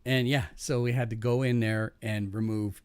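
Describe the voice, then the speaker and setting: A man's voice: medium pitch, moderate pace, clear, resonant tone, no room sound. A man hosting a podcast, telling a work story casually, swearing and acting out the people he quotes. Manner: animated, swearing, acts out quoted voices. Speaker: podcast host.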